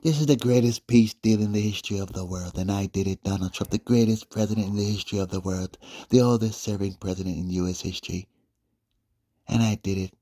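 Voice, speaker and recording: Self-adoring braggart politician, mocked by a low husky man. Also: steady tone, brisk, warm tone, natural voice. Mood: bragging. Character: boastful male politician, pompous and self-adoring.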